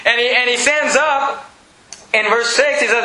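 A man preaching a lively sermon. He reads scripture aloud and acts out the people in the story. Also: extremely high pitch, fast talker, a little hiss or hum. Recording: echoey room.

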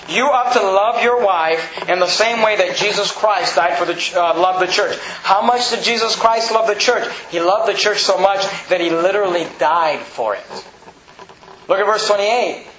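Bright-voiced man preaching in echoey church. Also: sits high. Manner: reads scripture aloud and explains it in plain talk; halting restarts and self-corrections. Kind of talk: sermon. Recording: echoey, dull lo-fi room recording.

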